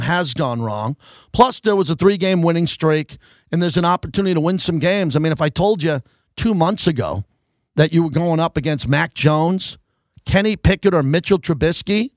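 High-voiced man, sports radio host, worked-up rant, dry close studio mic. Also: animated, normal speed, no echo. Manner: fired-up, ranting, swings between loud and low. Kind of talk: sports talk radio monologue. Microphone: studio microphone.

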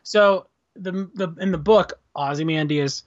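A man's voice: high-pitched, measured pace, no room sound. A man co-hosting a podcast in casual chat, explaining eagerly and chuckling as he recounts things. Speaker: podcast co-host. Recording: dry, dull lo-fi recording.

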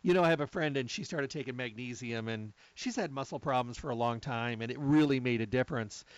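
A middle-aged man hosting a supplement talk, telling stories in a chatty, lively way. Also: mid-range voice, fairly quick, no echo, dull audio. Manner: chatty storyteller, lively asides. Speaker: health supplement talk host. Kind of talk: casual monologue.

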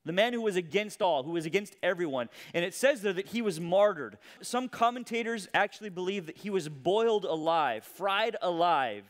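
Male pastor, sermon storytelling, high voice, animated, dramatic loud-to-hushed delivery. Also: moderate pace, hardly any pauses, long reverb tail.

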